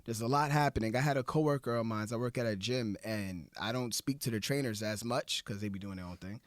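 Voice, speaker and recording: A man's voice: mid-range voice, fairly quick, dry recording, clean studio sound. Earnest young man telling stories. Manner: earnest, storytelling, many restarts. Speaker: podcast guest. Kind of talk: casual podcast chat.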